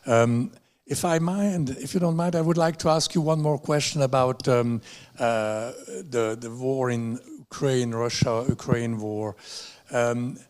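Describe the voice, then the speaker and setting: Slow, hesitant male moderator. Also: medium pitch, darkish tone. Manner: polite, hesitant, many fillers. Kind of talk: moderating a press conference.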